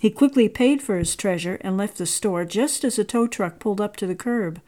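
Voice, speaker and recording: A woman reading a story aloud in a measured, expressive narrating voice. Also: mid-range voice.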